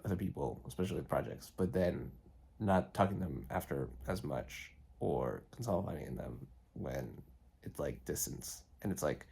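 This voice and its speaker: Stuffy young guy thinking out loud into his phone, super low and gravelly. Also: lively intonation, normal speed. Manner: meandering, filler-heavy musing. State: congested, throaty. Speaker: vlogger. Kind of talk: rambling reflective vlog. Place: lying on his side, later standing.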